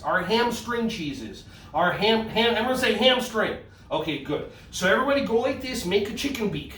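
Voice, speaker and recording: Man as kids' yoga teacher: high, lively voice, goofy, set back from the mic in a roomy space. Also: slight background noise. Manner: goofy, animated, jokey with children. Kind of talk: playful kids' movement lesson. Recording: roomy sound from a distance.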